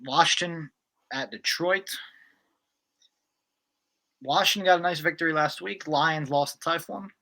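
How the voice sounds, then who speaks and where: A man with a bright, forceful tone co-hosts a relaxed football picks chat. He is brisk and decisive as he runs down the list of games. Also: fairly high pitch, gravelly. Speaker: co-host. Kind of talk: casual sports picks chat.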